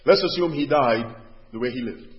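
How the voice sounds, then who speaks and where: A man preaching a sermon, dropping to quiet asides and then rising to loud, pleading questions. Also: medium pitch, lively intonation, normal speed. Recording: dull audio with long hall reverb.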